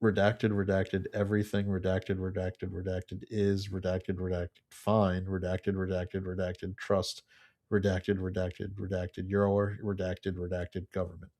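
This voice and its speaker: A man's voice: low voice, completely flat delivery, measured pace, a little mellow. A man co-hosting a casual podcast, reading memes aloud and laughing often.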